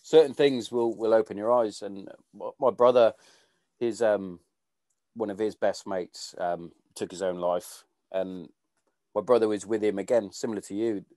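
Low-voiced man hosting a podcast. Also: steady tone, normal speed, mellow, no echo. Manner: informal, swears casually, trails off. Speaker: podcast host. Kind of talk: casual conversation.

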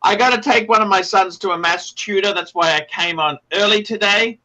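Brash, bright-voiced male stream host. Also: sits high, a little fast, poor audio. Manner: brash, profane, rattles off donation names. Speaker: livestream host. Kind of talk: casual livestream chat reading donations.

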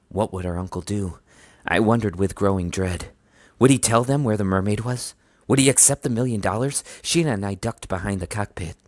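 A man's voice: dry recording, clean studio sound. A man reading a children's book aloud, narrating and lifting his voice for the characters' lines. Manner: lively, raises pitch for dialogue. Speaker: audiobook reader.

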